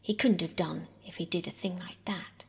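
A woman softly voicing a weary, tender mother in a whispered role-play reading. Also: on the low side, steady tone, moderate pace, gravelly, husky, heavily acted. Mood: grave. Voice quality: soft whisper. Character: weary, tender mother, grieving but firm.

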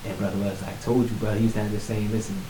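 A man casually telling his life story in conversation, animated, acting out what others said. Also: rapid-fire, a loud crowd. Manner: animated, acts out quotes with rising pitch. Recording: echoey room with faint hiss.

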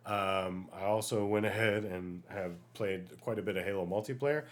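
A man hosting a solo podcast, chatting casually and ranting in an animated way, with many fillers, while getting over an illness. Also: lowish voice, moderate pace. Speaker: podcast host.

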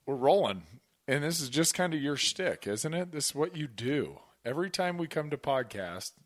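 A man hosting a podcast in casual chat, talking in an animated, rambling way and swearing casually. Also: on the high side, moderate pace. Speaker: podcast host.

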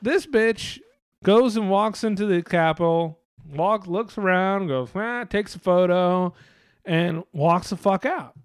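Man, casual podcast co-host, sarcastic and rambling, heavy swearing, pitch on the higher side, dry close sound. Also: slow pace, clean tone, dry recording. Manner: rambling, sarcastic, swears a lot, mimics others. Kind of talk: casual profane chat.

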